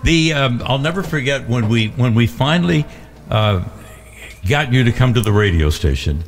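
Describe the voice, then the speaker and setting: An older man tells old radio stories in casual chat, his pitch jumping with animation as he stops and restarts. He speaks at a mid pitch. A long reverb from the studio trails his words. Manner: animated, halting, with laughs. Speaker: veteran radio DJ guest.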